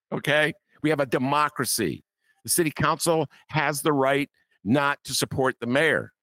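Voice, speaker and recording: A man's voice: fairly high pitch, a bit bright, no room sound. A man hosting a talk show, riffing with mock outrage and laughter. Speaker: podcast host. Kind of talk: casual political commentary.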